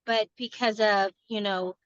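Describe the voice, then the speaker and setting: A woman's voice: mid-range voice, fairly even intonation, unhurried, clear, resonant tone, no echo, lo-fi sound. A woman in a book club earnestly sharing her personal reflections, rambling a little with restarts.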